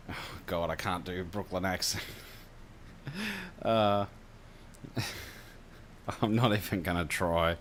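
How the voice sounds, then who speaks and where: Deep-voiced man reading a game. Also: unhurried, long pauses, a little hiss or hum. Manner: relaxed, chatty, hesitant with fillers. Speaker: streamer reading a story game. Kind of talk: narrating a game and chatting with viewers.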